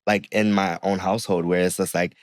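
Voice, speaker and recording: A man's voice: low-pitched, a little fast, no room sound, studio quality. A young man, a podcast guest, telling a personal story in casual chat and acting out the people he quotes. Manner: animated storyteller who acts out the people he quotes.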